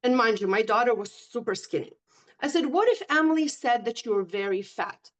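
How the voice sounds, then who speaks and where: A woman's voice: fairly high pitch, expressive, a little fast. A middle-aged woman, a guest coach, telling stories in a conversational podcast interview in an upbeat, encouraging way.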